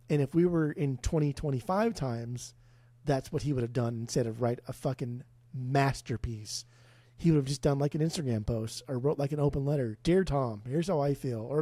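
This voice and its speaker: A man co-hosting a casual music podcast, loud, profane and rambling with enthusiasm, a few beers in. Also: mid-range voice, dry recording. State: tipsy from beers. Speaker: podcast co-host.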